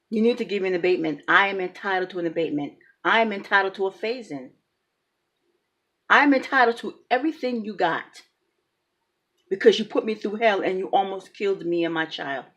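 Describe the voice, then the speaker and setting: A woman, a public housing tenant, ranting angrily with emphatic, repetitive, indignant phrasing. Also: medium pitch. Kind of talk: angry rant vlog.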